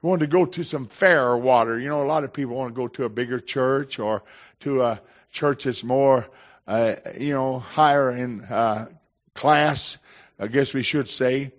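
A man's voice: medium pitch, moderate pace. An older male pastor delivers a sermon in a folksy, storytelling way. He swells into emphatic declarations between anecdotes. The recording is slightly dull and muffled.

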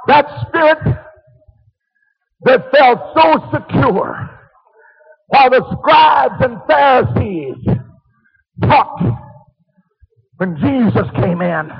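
A male preacher delivering a fervent sermon, shouting many phrases and breaking into hallelujahs. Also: extremely high pitch, creaky. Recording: dull lo-fi recording.

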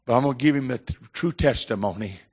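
A man's voice: mid-range voice, quick pace, breathy edge. An older man preaching a sermon, telling folksy stories and rising into emphatic declarations. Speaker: pastor. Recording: slightly dull, muffled recording.

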